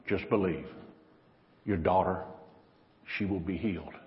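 A man preaching a sermon, swinging between loud, emphatic lines and hushed, drawn-out ones. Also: deep voice, slight background noise. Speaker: pastor. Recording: lo-fi recording in a reverberant hall.

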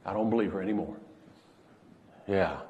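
A man preaching a sermon as pastor, pausing dramatically and dropping to a hush when he quotes someone. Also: low-pitched, big-room sound, lo-fi sound.

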